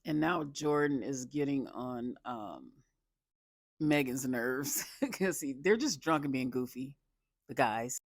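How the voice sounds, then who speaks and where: Casual reality show recapper, laughs a lot and loses the thread, recorded dry and close, mid pitch. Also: lively intonation, slow, no room sound. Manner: rambling, stops often to restart sentences; laughs a lot while recounting. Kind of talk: casual commentary.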